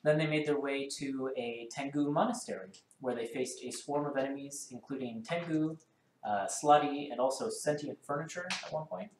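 Man, dungeon master, quick chatty delivery, roomy echo, noisy background. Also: medium pitch. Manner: quick, chatty, with many ums and uhs. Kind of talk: hosting and narrating a tabletop game stream. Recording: roomy sound with clear background noise.

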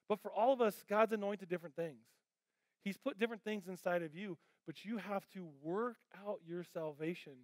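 A pastor preaching a sermon in a church auditorium, passionate and conversational, with frequent fillers and restarts. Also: male voice, high-pitched, no room sound.

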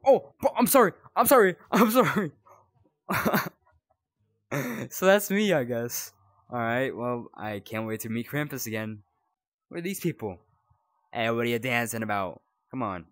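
A man's voice: medium pitch, no echo. Young guy playing a scary game, jumpy, voice bouncing all over, dry close sound. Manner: jumpy, yelps and rambles while scared. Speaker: gaming YouTuber. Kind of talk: horror game playthrough commentary.

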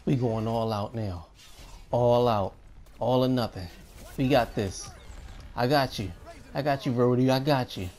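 A young man giving excitable gameplay commentary, often repeating himself. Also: mid-range voice, measured pace, pauses often, a little hiss or hum. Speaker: gaming YouTuber.

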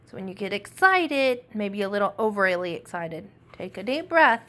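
A woman teacher reading a picture book aloud to young children, animated and asking them many questions. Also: medium pitch, moderate pace.

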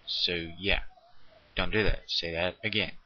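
A man making a homemade comedy skit, grumbling and complaining with stumbling repeats, his voice kept quiet for recording at night. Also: sits low, fairly even intonation, measured pace, lo-fi sound. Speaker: home video maker.

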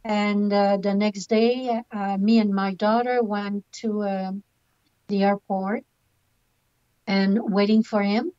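An older woman telling her story in an interview, hesitant and full of pauses. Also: medium pitch, fairly even intonation, dark tone, clean tone. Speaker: scam victim interviewee. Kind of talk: slow halting interview testimony. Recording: dull documentary clip with music.

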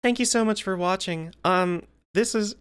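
A woman's voice: medium pitch, moderate pace, smooth. A young woman giving nervous, joking commentary while playing a horror game, often repeating herself. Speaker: gaming video creator.

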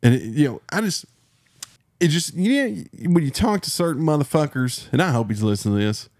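A man's voice: fairly high pitch, sing-song, a little fast, darkish tone, no echo, studio quality. A man with a Texan accent telling a story on a podcast, heated and profane, mocking the people he dealt with. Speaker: podcast host. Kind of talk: casual storytelling rant.

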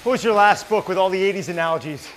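A man's voice: sits high, a bit bright, a little hiss or hum, low-quality recording. A man in his forties hosting, chatting upbeat and joking with a trainer during a gym workout. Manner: chatty, upbeat banter with quick laughs. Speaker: fitness trainer and show host. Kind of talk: casual chat during a workout.

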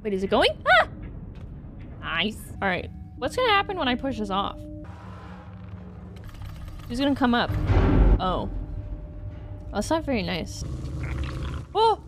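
A young woman streaming a game, talking to herself and her chat, swearing and shrieking in sudden bursts. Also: mid-range voice. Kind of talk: casual gaming commentary.

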